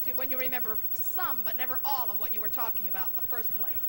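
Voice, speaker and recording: Her voice runs on the high side and she talks fast, trading bawdy jokes with a brassy, teasing edge. She's a woman in her forties performing as a singer and comedian in live stand-up on a large concert hall stage, with noise behind her.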